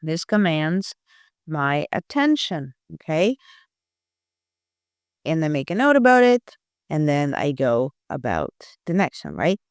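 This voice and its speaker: A woman guides beginners through a copywriting example, thinking aloud in a loose, conversational way. Her voice is smooth and clean. She keeps checking in with listeners as she goes, and the recording is dry and close with no room sound. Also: low-pitched, sing-song, takes it slowly, pauses often, no room sound. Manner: chatty, checks in with frequent "right?" and "you know"; thinks aloud while analyzing text. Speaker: copywriting instructor. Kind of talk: casual screen-share walkthrough.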